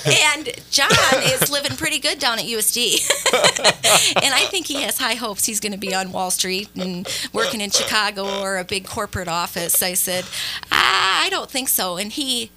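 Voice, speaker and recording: A woman's voice: medium pitch, normal speed, very noisy. A woman, a guest on a podcast, chatting and laughing as she tells a family story. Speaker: guest, mother. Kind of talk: casual chat.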